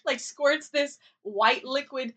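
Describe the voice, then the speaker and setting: A woman's voice: sits high, takes it slowly, a bit bright. A woman co-hosting a podcast, chatting casually as she recaps a drama and acts out quotes from it. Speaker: podcast co-host.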